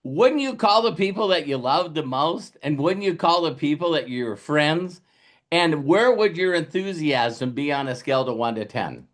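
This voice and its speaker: A man's voice: fairly high pitch, moderate pace. A man giving a motivational business talk, telling a story with lots of repeated words and restarts, acting out what people say. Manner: animated storytelling, acting out quotes. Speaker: business coach.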